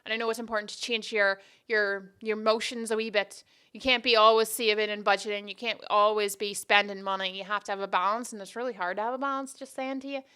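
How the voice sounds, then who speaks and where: A woman's voice: mid-range voice, fairly even intonation, fast, few pauses, sharp tone, clean tone. A woman hosting her own podcast, chatting casually and rambling off on tangents in a self-deprecating way. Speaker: podcast host. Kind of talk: casual solo podcast chat.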